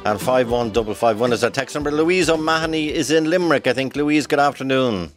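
A man hosting a radio phone-in, asking brisk, probing questions. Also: medium pitch, soft background music. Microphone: studio microphone.

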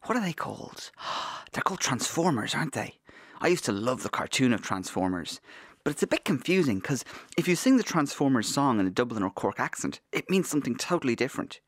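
A man's voice: mid-range voice, brisk, no room sound, clean studio sound. A man hosting a children's show, joking playfully and reading rhymes aloud. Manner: jokey, animated, reads rhymes aloud. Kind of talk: playful scripted presenting.

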